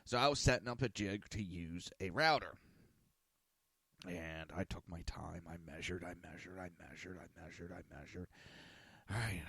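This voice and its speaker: A man's voice: lowish voice, fairly bright tone, no room sound, clean studio sound. A man hosting a casual talk podcast, rambling and swearing in an exasperated tone. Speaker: podcast host. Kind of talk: casual ranting talk show.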